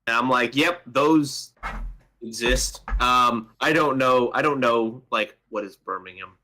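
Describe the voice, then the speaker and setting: A man co-hosting a casual political commentary chat, talking bluntly in a hesitant, halting way. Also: mid-range voice, sharp tone, a little hiss or hum. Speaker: podcast co-host.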